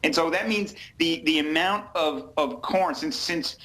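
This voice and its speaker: Male fund executive as a TV guest, somewhat high and bright, calm and explanatory, heavy on numbers. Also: low-quality recording. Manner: measured, data-heavy, explains step by step. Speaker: fund company president, guest. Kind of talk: explanatory market interview.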